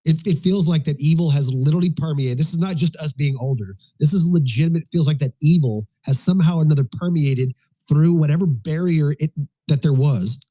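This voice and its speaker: Brief: host in his fifties, mellow and warm, animated rambling talk, slightly high pitch. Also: fairly quick. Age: 50s. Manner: rambling, animated, frequent profanity. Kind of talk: casual live audio chat.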